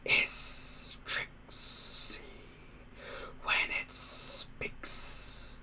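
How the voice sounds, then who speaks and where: A man voicing a dim-witted tentacled underground monster in a slow, hissing whisper. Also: bright, forceful tone, exaggerated voice.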